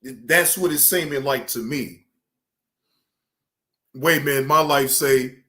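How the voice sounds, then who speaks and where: A man hosting a livestream, giving casual reaction commentary in an animated, repetitive, teasing way. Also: a little high. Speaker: livestream host.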